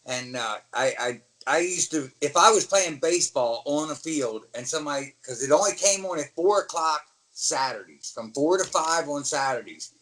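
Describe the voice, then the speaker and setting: A middle-aged man from the United States talks in a lively, storytelling way, often slipping into the voices of the people he describes. His voice sits a little higher than most men's. He speaks as a guest recalling his wrestling career in a relaxed interview. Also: normal speed, few pauses, low-quality recording. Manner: animated storyteller, acts out quoted voices. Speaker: guest, former pro wrestler.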